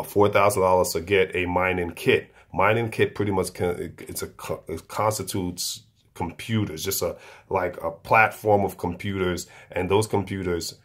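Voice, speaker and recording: A man with a very low voice explaining a topic off the cuff. He speaks haltingly, breaking off mid-word, restarting and repeating himself as he works toward his point. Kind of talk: unscripted explanation.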